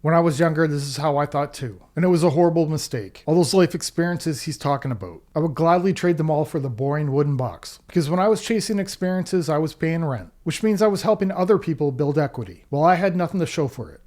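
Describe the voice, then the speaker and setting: A man's voice: fairly high pitch, quick pace, hardly any pauses, a little mellow. A man giving blunt, critical commentary on other people's money choices. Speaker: finance commentator. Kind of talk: reaction commentary.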